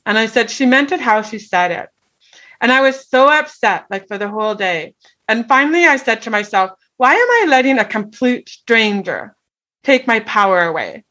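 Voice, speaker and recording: A woman's voice: a little high, expressive, moderate pace, pushed and bright. A middle-aged woman telling a personal story in an earnest way, often checking in with "right?". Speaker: guest.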